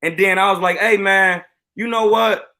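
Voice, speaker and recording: High, bright-voiced boastful storyteller man. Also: fairly even intonation, moderate pace. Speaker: boxing coach. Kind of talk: live-stream storytelling.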